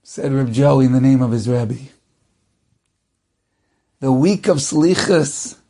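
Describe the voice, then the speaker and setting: A man's voice: mid-range voice, slow, dark tone. A man, a rabbi, telling a story in a dramatic, varied way. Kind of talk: storytelling talk.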